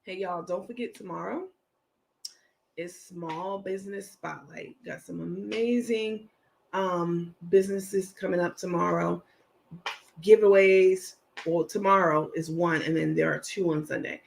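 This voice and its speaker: A man's voice: high-pitched, fairly even intonation, unhurried, vocal fry, slight background noise. A man hosting a casual livestream, chatting loosely and reading viewer comments aloud with plenty of fillers. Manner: chatty, rambling, many fillers. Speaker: livestream host.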